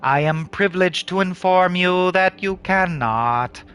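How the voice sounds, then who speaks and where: A man voicing an eerily polite, smiling soldier in a video game, speaking low, soft and measured. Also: fairly even intonation, a little hiss or hum, close to an everyday voice. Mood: courteous.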